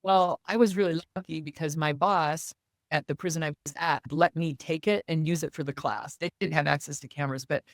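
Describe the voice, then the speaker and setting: A woman's voice: low-pitched, brisk, no echo. Earnest woman telling her story, dry sound. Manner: earnest, animated retelling with quoted dialogue. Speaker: guest. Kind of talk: personal storytelling in an interview.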